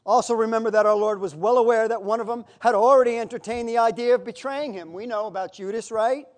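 A pastor preaching a sermon in a conversational, emotional way, with sudden loud outbursts. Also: male voice, very high voice, fast.

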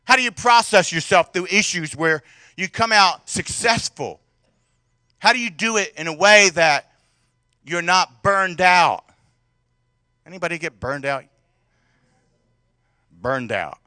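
A male pastor preaching a sermon in a conversational way, asking the congregation questions and swinging between loud and soft passages. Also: sits high, measured pace, long pauses, no room sound, studio quality.

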